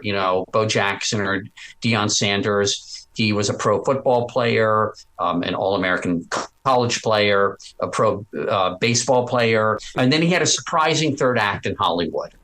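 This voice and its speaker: A man talks as a guest in a casual interview. His voice sits on the low side. He is chatty and animated and often stops to restart a sentence. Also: normal speed, low-quality recording. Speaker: podcast host as guest.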